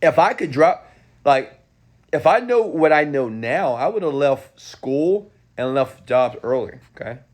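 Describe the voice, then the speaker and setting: A man in his thirties from Houston, Texas, answering viewer questions in a casual live stream, animated and talking straight to viewers. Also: fairly high pitch, measured pace. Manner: animated, talks straight to viewers with frequent "okay?".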